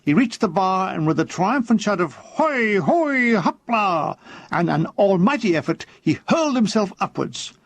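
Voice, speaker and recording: A man with a notably high speaking voice narrates his own comic memoir, keeping his delivery dry and deadpan. He slips briefly into put-on voices for quoted characters. The recording is close and dead, with no room sound around him. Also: normal speed, creaky, hardly any pauses, no room sound.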